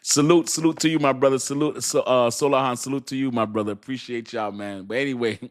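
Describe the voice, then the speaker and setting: A man's voice: medium pitch, steady tone, fast talker. A middle-aged man hosts a casual crypto livestream, reading viewer names, laughing often and talking loosely to his audience.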